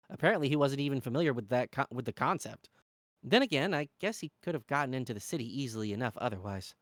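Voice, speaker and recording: A man reading a fantasy novel aloud in an expressive, animated way. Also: medium pitch, quick pace, no room sound, clean studio sound. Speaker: reader.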